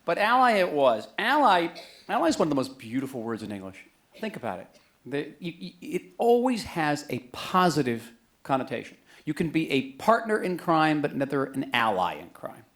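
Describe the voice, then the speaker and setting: A man's voice: on the high side, sing-song, moderate pace. A middle-aged man giving a book talk to an audience in a museum auditorium, conversational and joking. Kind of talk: public lecture to an audience.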